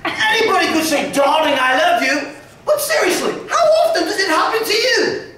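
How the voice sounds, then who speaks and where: A man's voice: extremely high pitch, big pitch swings, moderate pace, bright, forceful tone, heavily acted. A man playing a brash young working-class London man, cheeky and boastful, laughing a lot as he talks on a stage. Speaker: stage actor. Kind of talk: live musical theatre acting. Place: theatre stage. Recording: echoey theatre stage from far off, with band music.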